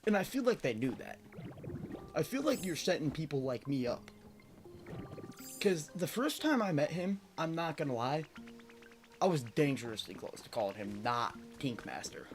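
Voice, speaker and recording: Man, game streamer, casual chat, gravelly voice, lively pitch, jokey rambling. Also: moderate pace, pauses often, soft background music.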